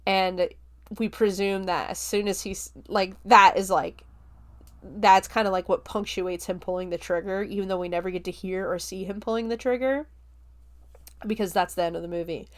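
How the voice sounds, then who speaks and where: A woman's voice: mid-range voice, normal speed. A young woman podcast host casually recapping and reviewing a film, chatty and full of filler words, swearing now and then. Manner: chatty, heavy use of "like", relaxed swearing.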